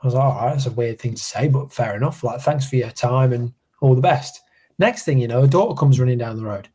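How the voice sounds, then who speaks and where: A young man from England tells a story on a casual podcast. He slips into other people's voices to act out what they said. His pitch sits in the middle range for a man. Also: fast talker, breathy edge. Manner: animated storyteller, acts out quotes. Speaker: podcast co-host.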